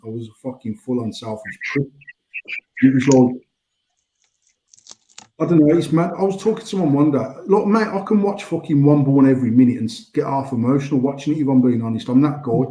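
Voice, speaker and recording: A man's voice: mid-range voice, steady tone, fairly quick, mellow, echoey room, muffled recording. A British man in his forties telling rambling stories in casual banter, swearing freely. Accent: British English. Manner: rambling storytelling, frequent swearing. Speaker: podcast host.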